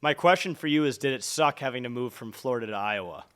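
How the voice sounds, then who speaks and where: A man from Minnesota hosting a casual interview, upbeat and jokey with quick reactions. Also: mid-range voice, fairly bright tone, clear, resonant tone. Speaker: podcast host.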